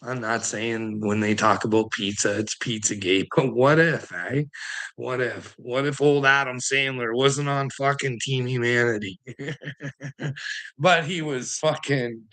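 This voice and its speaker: A man's voice: medium pitch, steady tone, unhurried, bright, forceful tone. A man rambling through a casual monologue, chuckling often between phrases, swearing freely and asking rhetorical questions. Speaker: channel host.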